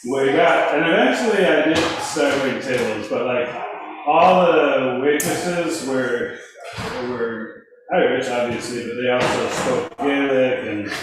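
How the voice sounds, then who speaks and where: A man spins a casual anecdote with lively energy, laughing along as he goes. He sits well back from the mic in a very echoey room. A steady hiss of noise runs underneath. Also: medium pitch, a little slow, recorded from a distance. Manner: animated anecdote-teller, often laughing. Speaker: theater company member. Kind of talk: casual storytelling chat.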